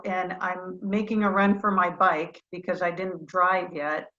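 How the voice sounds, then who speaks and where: A middle-aged woman who once flew fighter jets guests on a video-call interview, telling animated, self-deprecating stories. Her voice is fairly low and a little slow, and the recording sounds muffled.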